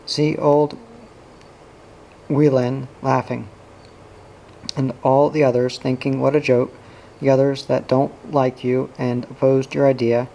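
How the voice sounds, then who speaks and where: A man's voice: mid-range voice, slight background noise, natural voice, poor audio. A man reading the part of a brutal, raging middle-aged father who bullies and abuses his family. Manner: shouting abuse, bullying.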